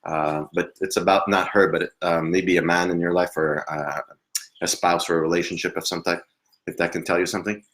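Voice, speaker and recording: Low-voiced man giving a halting reading. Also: flat delivery, fairly bright tone, slight background noise. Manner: hesitant, halting, often laughs. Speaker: psychic medium. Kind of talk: live reading.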